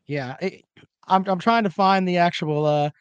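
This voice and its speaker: A man's voice: high-pitched, normal speed, smooth, no echo, lo-fi sound. A man hosting a casual sports talk show, rambling and joking while he fumbles for clips.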